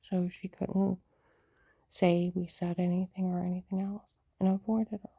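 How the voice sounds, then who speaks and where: Woman, lowish and very dark-toned, rambling personal monologue with frequent whispered asides. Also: level tone, a little slow, vocal fry, breathy edge, no room sound, dull audio. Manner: rambling, often slips into a hushed whisper. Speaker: storyteller recounting her own life.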